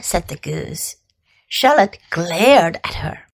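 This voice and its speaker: A woman teacher reading a children's novel aloud, with careful, deliberate phrasing. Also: lowish voice, expressive, vocal fry, slightly rough, no echo. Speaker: English teacher.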